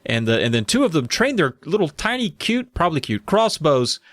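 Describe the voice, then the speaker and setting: Man co-hosting a podcast, lively pitch, dry close sound, sarcastic recap. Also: fairly quick, no echo. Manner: reads aloud and breaks off into sarcastic asides. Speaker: podcast co-host. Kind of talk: comedic book recap.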